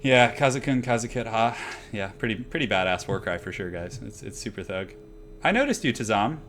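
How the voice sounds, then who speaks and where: A man's voice: fairly low pitch, fairly even intonation, a little fast, a bit bright, slight background noise. Laid-back young male game streamer. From half Irish heritage. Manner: laid-back, rambling, lots of fillers. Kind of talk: casual live-stream commentary.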